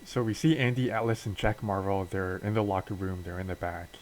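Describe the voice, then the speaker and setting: A man's voice: low voice, fairly even intonation, a little fast, a little mellow, slight background noise, poor audio. A man casually retelling a wrestling game's storyline, offhand and full of fillers. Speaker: game narrator.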